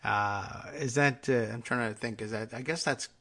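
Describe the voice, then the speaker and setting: Bright-voiced wry male talk host. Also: medium pitch, moderate pace. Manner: rambling, wry, stumbles over names and restarts. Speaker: podcast host. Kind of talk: casual talk show monologue.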